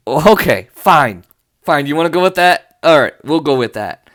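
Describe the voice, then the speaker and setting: A man's voice: on the high side, very animated, normal speed, fairly bright tone. A young man hosting a podcast, ranting in an exasperated, sarcastic way and swearing often. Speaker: podcast host. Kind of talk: ranting political commentary.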